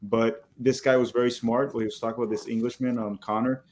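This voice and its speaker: A man's voice: medium pitch, little pitch movement, fairly quick, darkish tone, slight background noise. A man guest on a casual podcast, explaining a point at length with fillers and repeated words.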